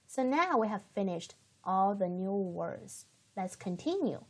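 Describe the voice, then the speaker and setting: Woman, language teacher, patient step-by-step explaining, lively intonation, slow pace. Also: mid-range voice, breathy edge. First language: Chinese. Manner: patient, explains step by step and models words for learners to repeat. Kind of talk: slow, careful language lesson.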